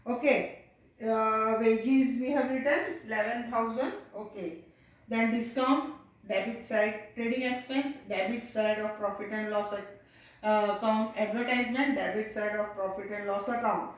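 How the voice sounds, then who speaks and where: A woman teacher with an Indian English accent walking a class through accounts step by step, often pausing with "uh" and "okay". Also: a little high, steady tone. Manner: explains step by step, addresses children, frequent "uh" and "okay". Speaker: commerce teacher. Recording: echoey room, far from the mic.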